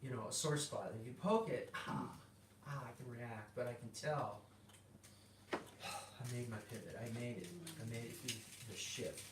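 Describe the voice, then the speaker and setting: Middle-aged man telling an animated testimony. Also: medium pitch, moderate pace. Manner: animated storyteller acting out dialogue, restarts and fillers. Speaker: guest sharing a personal testimony. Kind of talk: casual spoken testimony. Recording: roomy sound from a distant mic with background noise.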